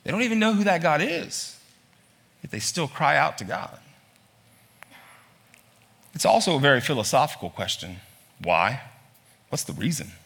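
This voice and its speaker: A male pastor preaching a sermon, firing off rhetorical questions in a lively way and pushing his voice up high on emphatic lines. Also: normal speed, vocal fry, pauses often, slightly rough. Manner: asks many rhetorical questions. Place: church hall.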